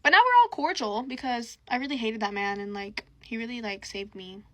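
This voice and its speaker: A woman's voice: fairly high pitch, fairly quick. A young woman telling a messy personal story in a casual, slangy vlog style, full of fillers and quoted dialogue. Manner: animated, slangy, lots of fillers.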